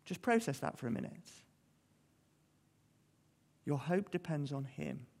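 A man's voice: fairly high pitch, measured pace, creaky, darkish tone. Earnest male preacher in a reverberant hall. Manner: conversational, earnest, asks the congregation questions. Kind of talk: sermon.

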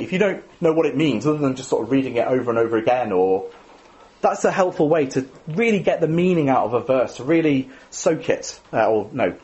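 A man's voice: mid-range voice, darkish tone, lo-fi sound. A man giving a sermon in a conversational, self-deprecating way, often adding tag questions. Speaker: preacher.

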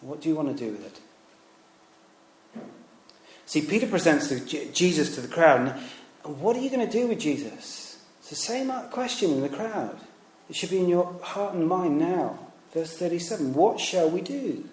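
Expressive and fairly high-pitched, a man speaking at a normal pace gives a conversational sermon with stories and rhetorical questions, imitating the voices he quotes. He's a preacher and former teacher, recorded in an echoey room.

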